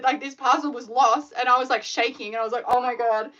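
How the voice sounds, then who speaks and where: Woman, animated chatty live-streamer, bright tone, muffled lo-fi audio. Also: high voice, a little fast, hardly any pauses. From Australia. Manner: chatty and animated, filler-heavy storytelling. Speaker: scrunchie maker hosting a live stream. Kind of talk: casual live-stream chat.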